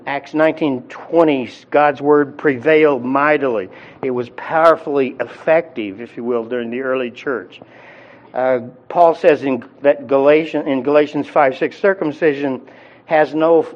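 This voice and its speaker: A man's voice: medium pitch, lo-fi sound. A man teaching a Bible sermon in a conversational way, often restarting and repeating his words. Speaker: preacher.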